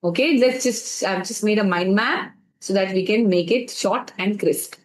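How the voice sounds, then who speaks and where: A woman speaks at medium pitch and normal speed in a reverberant, rough recording. With an Indian English accent and bits of Hindi mixed in, she gives motivational talk on a live stream, repeatedly asking chat to respond.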